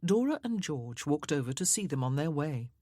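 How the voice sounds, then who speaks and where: A woman narrating an audiobook in a measured, even way. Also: sits low, no room sound, studio quality.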